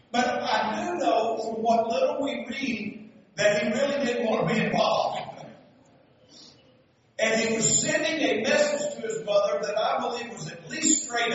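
A man preaching a sermon, telling stories and building to loud, emphatic passages. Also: extremely high pitch, a little hiss or hum. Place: church sanctuary. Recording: echoey hall, from far off, dull sound.

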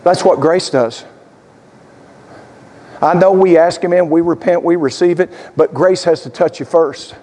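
A male pastor delivers a sermon in a voice pitched high for a man. He tells the story dramatically, swinging from quiet, intimate moments to louder emphasis. His words trail off into a long reverb, as in a large hall. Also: a little slow, pauses often. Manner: dramatic storytelling, swinging between loud and hushed.

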